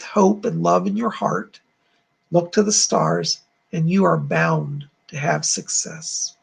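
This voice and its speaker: A psychic and channel host runs a live-stream psychic chat, effusive and chatty, frequently thanking his viewers. His voice is high-pitched and gravelly with a breathy edge.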